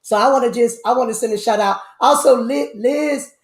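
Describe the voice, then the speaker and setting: Animated woman, echoey room. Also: fairly high pitch, brisk. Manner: animated, loud outbursts, repeats herself. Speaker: host. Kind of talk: casual live-stream chat.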